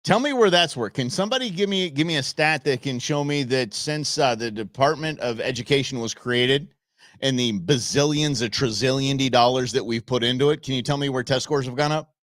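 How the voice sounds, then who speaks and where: A man's voice: mid-range voice, fairly quick, fairly bright tone, dry recording, clean studio sound. A male talk show host giving combative, sarcastic live political commentary.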